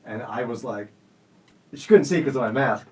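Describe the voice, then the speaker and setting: A man's voice: mid-range voice, normal speed, distant mic, poor audio. A man in his forties hosting a radio show, telling stories in a jokey, self-teasing way. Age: 40s. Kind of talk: casual studio chat. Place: radio studio.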